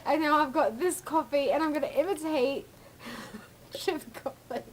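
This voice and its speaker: A woman's voice: high-pitched, unhurried, a little hiss or hum, poor audio. Jittery, rambling woman vlogger. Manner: rambling, profane and giggly. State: jittery from too much coffee. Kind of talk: casual rambling chat.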